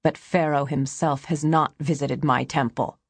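A woman reading the lines of a stern, arrogant male high priest in an audiobook. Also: steady tone, unhurried, slightly rough, dry recording, full character voice. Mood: curt. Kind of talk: audiobook character voice.

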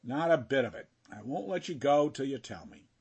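A boisterous young man who teases and badgers in a lively, bouncing voice, as a male narrator reads him. His tone is husky, close to the reader's own. The storybook banter rolls along with plenty of swing. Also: mid-range voice, a little fast. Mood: teasing. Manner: teasing, bantering. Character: boisterous, teasing young man, a playful friend.

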